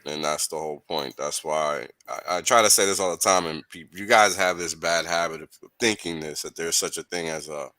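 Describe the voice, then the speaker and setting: A man's voice: deep voice, brisk, hardly any pauses, pushed and bright, no room sound. A man on a crypto live stream, speaking emphatically and giving strong opinions. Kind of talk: casual chat.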